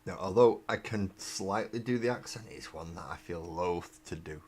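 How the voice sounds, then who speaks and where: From England, this man has a deep, slightly mellow voice at normal speed, with a little background noise from his desk mic on a live webcam stream. While building miniatures, he rambles casually and mocks himself, his words often fading into mumbles.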